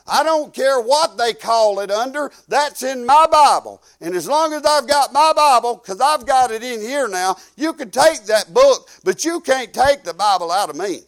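High-voiced folksy preacher man. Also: lively intonation, normal speed, hardly any pauses, fairly bright tone. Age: 50s. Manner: folksy, rambling, drops low when quoting himself. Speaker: pastor. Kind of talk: sermon storytelling.

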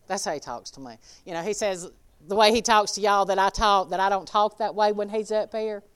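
A woman preaching a sermon in a folksy, emphatic way, swinging between loud exclaiming and quiet asides. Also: medium pitch, brisk, clean tone.

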